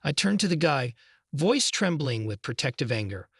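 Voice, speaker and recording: A man narrating a first-person story in a measured, scripted way. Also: on the high side, big pitch swings, gravelly, husky, no echo, studio quality.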